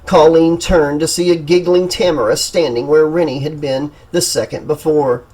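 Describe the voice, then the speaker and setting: A man narrating a horror audiobook in a steady, dramatic storytelling manner. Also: on the high side, moderate pace, slightly rough, low-quality recording. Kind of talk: scripted narration.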